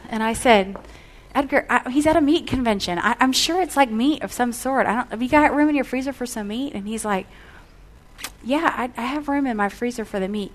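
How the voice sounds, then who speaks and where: A woman's voice: fairly high pitch, a little fast. A middle-aged woman delivering a storytelling sermon, animating the dialogue as she recounts it. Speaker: speaker.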